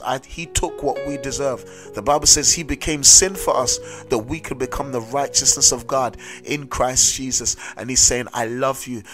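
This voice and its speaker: A South London man preaches with steady conviction, mixing his own story into the sermon. His voice sits in an ordinary middle pitch and keeps returning to "amen." Music plays clearly beneath him. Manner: earnest, repeats "amen" and "listen to me". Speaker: street preacher. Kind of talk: sermon with personal testimony. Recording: music playing under the voice.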